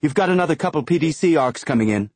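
A man voicing a wry, steady woman crewing a ship in an audiobook, with a dry, teasing manner. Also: a little high, fast talker, no room sound, voice pushed up.

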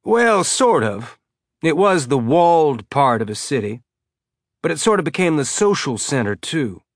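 A man's voice: on the high side, big pitch swings, measured pace, dry recording, clean studio sound, voice pushed up. A man voicing a talkative male ship's pilot who explains things at length. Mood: musing.

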